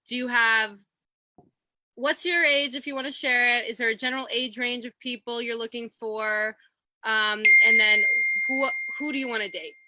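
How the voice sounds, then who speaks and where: Bright-voiced woman co-host on a video call. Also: a little high, fairly even intonation, moderate pace. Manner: playful, dropping a put-on Brooklyn accent to ask questions. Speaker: co-host playing a matchmaker. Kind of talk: comedic live-stream chat.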